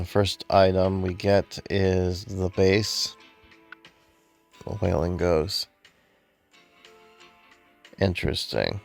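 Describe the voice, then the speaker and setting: Man, very low voice, gravelly fry, slow hesitant game commentary, sleepy. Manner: relaxed, hesitant, many ums and uhs. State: sleepy, yawning. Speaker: gameplay video host. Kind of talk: casual gameplay commentary.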